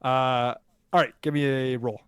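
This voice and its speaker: A man's voice: medium pitch, steady tone, normal speed, clear, resonant tone, no echo, studio quality. A man running a tabletop game as game master, casually counting out moves and rulings. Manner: casual, counts out movement step by step.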